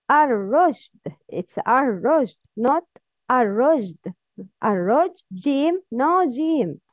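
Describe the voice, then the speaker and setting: A woman with a high voice and as her teaches a slow, patient pronunciation lesson. She sounds out each letter again and again, then sets the wrong forms against the right ones. The recording is dry and a little dull. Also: no echo. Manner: demonstrates sounds by repeating them, then corrects wrong versions. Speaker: Quran recitation teacher.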